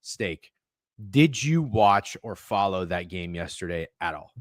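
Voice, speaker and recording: A man's voice: deep voice, lively intonation, a little slow, no room sound, clean studio sound. A man hosting a sports betting podcast, talking in casual, profane, defensive banter. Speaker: podcast host.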